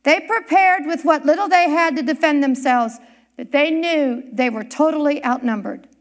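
A woman preaching a sermon, telling a historical story with dramatic pauses and emphasis. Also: high voice. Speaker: church speaker.

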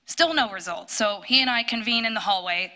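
A woman telling a personal testimony in church, storytelling with animated bursts when quoting. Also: a little high, a little fast. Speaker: church speaker sharing a testimony.

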